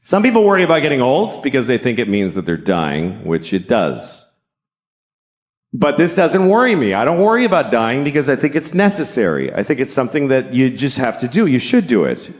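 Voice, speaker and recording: Deadpan, profane middle-aged man doing stand-up. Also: mid-range voice, fairly quick. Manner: deadpan, profane, building to shouted rants. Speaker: stand-up comedian. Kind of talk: stand-up comedy set. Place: comedy stage before a live audience.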